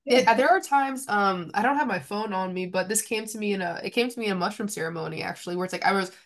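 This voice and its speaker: A woman hosting a relaxed podcast conversation, telling a story in a loose, rambling way with lots of filler words. Her pitch sits in the middle, and she slips into softer asides. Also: quick pace. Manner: rambling, many fillers, softly spoken asides. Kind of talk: casual chat.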